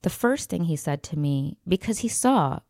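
Low mellow lady podcaster, calm measured storytelling, dry close sound. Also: no echo. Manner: calm, measured, drops to a near whisper for quoted lines. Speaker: podcast host. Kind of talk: storytelling advice talk.

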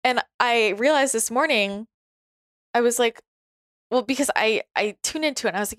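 A woman's voice: a little high, moderate pace, fairly bright tone, no echo, studio quality. A young woman talking casually and reflectively on her own, chatty and laughing often, with many restarts and fillers.

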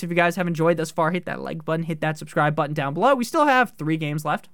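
A man talks through a sports podcast in loose, profane commentary, full of jokes. His voice is smooth and resonant. The sound is close and dry, with no room around it. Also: fairly high pitch, animated, a bit bright, no echo. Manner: profane, joking, fast-talking. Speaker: fantasy football podcast host.

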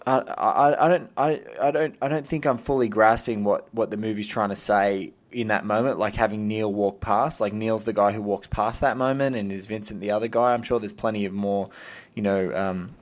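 Podcast host, male, lowish voice, eager, thinks aloud and restarts his sentences. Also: steady tone, normal speed. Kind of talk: casual podcast conversation.

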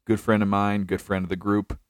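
A man's voice: on the low side, little pitch movement, a little fast, clear, resonant tone, dry recording, studio quality. A young man from North Carolina hosting a casual podcast, joking, laughing often and trailing off in restarts. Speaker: podcast host. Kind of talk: casual chat.

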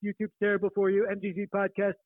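Dude doing a loud braggy old politician guy, phone call, super tinny. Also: high-pitched, completely flat delivery, fast talker, no room sound, close to an everyday voice. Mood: ranting. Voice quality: exaggerated bragging impression. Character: brash boastful older male politician, insulting. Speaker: prank caller.

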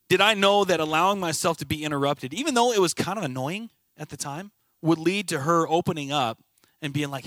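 A man's voice: fairly high pitch, animated, fast, fairly bright tone, dry recording. Earnest man telling a personal story. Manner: storytelling, quoting others in conversation. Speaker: team leader at a brokerage. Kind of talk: personal testimony talk.

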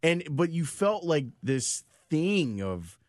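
A man in casual chat, halting and hedging often. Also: a little high, sing-song, no echo, studio quality.

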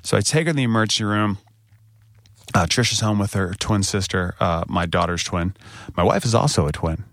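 An American man in his thirties co-hosts a podcast, candidly sharing a personal story in casual chat and growing animated whenever he quotes someone. His voice is lowish and a little fast, captured in studio quality with no room sound.

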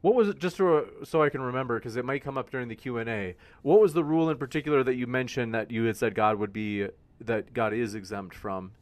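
A man's voice: mid-range voice, quick pace. A man moderating a livestreamed debate, reading out audience questions in an upbeat way.

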